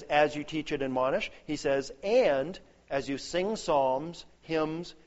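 Earnest preacher man, slightly high voice. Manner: earnest and emphatic, building through lists. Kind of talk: sermon. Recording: dull lo-fi sound.

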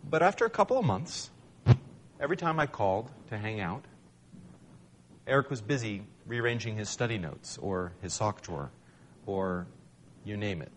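A man recounts his own story to an audience in a relaxed, conversational way, with dry humor at his own expense. His voice sits on the lower side. A faint background hum runs under it. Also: moderate pace, long pauses. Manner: conversational, wry and self-deprecating. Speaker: speaker sharing a personal testimony. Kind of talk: storytelling talk.

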